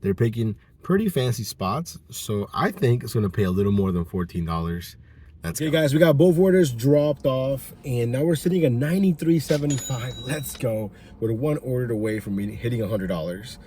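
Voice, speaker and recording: A man's voice: mid-range voice, animated, moderate pace, dark tone. A man talking casually to his viewers from inside his car while driving deliveries. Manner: chatty, laughs while telling stories. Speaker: delivery driver vlogger. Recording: noisy car interior. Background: road and car noise.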